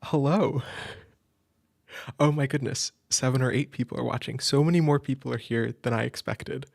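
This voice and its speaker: A man hosting a live stream, nervous and excited, chatting loosely with lots of fillers and restarts. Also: medium pitch, moderate pace, gravelly, no echo, studio quality. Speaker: audio role-play creator hosting a live stream. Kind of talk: casual live-stream chat.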